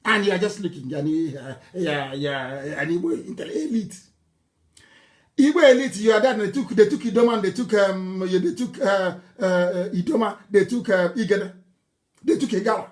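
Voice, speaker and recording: Nigerian man delivering a fiery political broadcast; mocking tone, hammering repetition, sudden shouts. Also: high voice, normal speed. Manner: fiery, mocking, scornful laughter, repeats phrases, bursts into shouting. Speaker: political activist leader.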